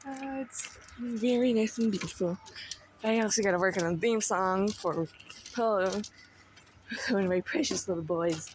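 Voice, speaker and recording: A young woman vlogs a nature walk into a handheld phone, speaking at a normal speed in a medium-pitched voice. She's playful and chatty, exclaiming at what she sees and sounding slightly out of breath. The recording is rough, with faint outdoor noise in the background.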